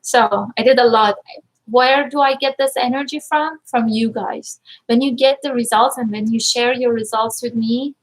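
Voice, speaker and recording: A woman coach talking casually to viewers on a live stream, energetic and upbeat, effusively thankful and at times close to tears. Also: a little high, moderate pace, rough recording. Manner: emotional, near tears at times. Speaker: life and money mindset coach.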